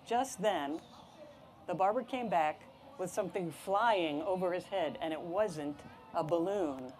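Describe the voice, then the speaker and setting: A woman reading a picture book aloud to children, her voice animated and swinging widely in pitch. She tells the story expressively, with a faint ambient hum behind her. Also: unhurried.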